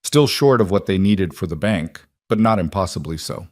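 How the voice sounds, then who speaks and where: A man narrating a scripted Western story in a steady, measured way. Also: low voice, no echo, clean studio sound.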